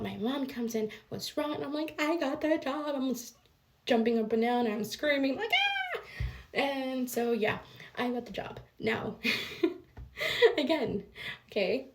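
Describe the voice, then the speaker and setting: A young woman telling a personal story to her viewers in a fast, animated way, often checking in with "okay?", tired late at night. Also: a little high. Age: young adult. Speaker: vlogger. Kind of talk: casual storytelling to camera.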